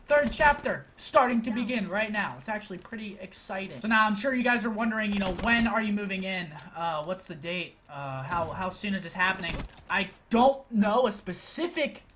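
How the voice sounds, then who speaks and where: A man's voice: high voice, a little fast, hardly any pauses, bright, forceful tone, a little hiss or hum. A young man in his twenties from Pennsylvania, talking casually and playfully to his viewers in a hyped vlog from home. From Pennsylvania, USA. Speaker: gaming YouTuber.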